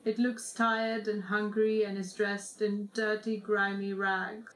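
A woman narrating as game master of a tabletop role-playing game, calm and unhurried, with frequent ums. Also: medium pitch, echoey room, rough recording.

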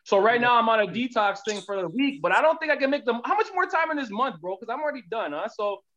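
Man, podcast co-host, slangy, rambling, trails off low, dull lo-fi call audio. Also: very animated, fast, bright, forceful tone. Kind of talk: casual chat.

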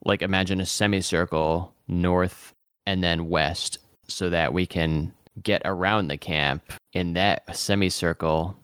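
A man's voice: sits low, fairly even intonation, a little slow, fairly bright tone, clean tone, no echo, clean studio sound. A man playing in a tabletop role-playing game, chatting casually and a bit hesitantly, joking as he goes. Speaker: player.

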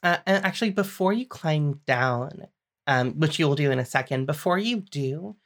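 A woman running a tabletop role-playing game as game master, explaining the rules and narrating scenes in a patient, measured way. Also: low-pitched, lively intonation.

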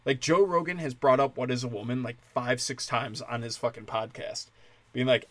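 A man's voice: medium pitch, steady tone, normal speed, a bit bright, dry recording. A man ranting in a heated, profane, rambling way, full of "like" fillers. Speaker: commentator. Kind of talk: profane political rant.

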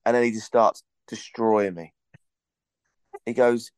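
A man's voice: on the low side, steady tone, slow, darkish tone, clean tone, no room sound. A man hosting a podcast, telling a rambling, casual story and swearing now and then. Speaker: podcast host.

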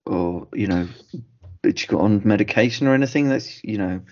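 A man's voice: on the low side, fairly quick, darkish tone. A man co-hosting a podcast, adding short replies and follow-up questions in casual chat. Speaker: podcast co-host. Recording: slightly muffled podcast audio.

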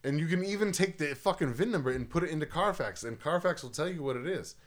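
A man's voice: fairly high pitch, lively intonation, fast. Profane East Coast man ranting. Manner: heated, profane storytelling. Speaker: podcast co-host. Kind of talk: casual podcast chat.

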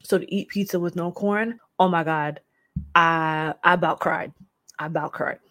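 A young woman vlogging, telling a story in a casual, dramatic and animated way with lots of slang. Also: fairly low pitch, normal speed, no echo. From United States.

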